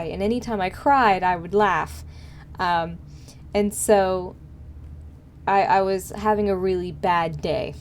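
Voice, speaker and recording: A young woman chats casually with her viewers on a livestream, rambling along with lots of fillers and frequent laughter. Her medium-pitched voice is a little mellow, with a slight hiss or hum in the audio.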